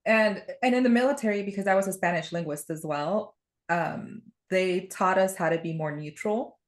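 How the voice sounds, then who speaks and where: A woman's voice: mid-range voice, moderate pace. A woman guest in a casual podcast conversation, talking in a chatty, rambling way and laughing often as she tells stories.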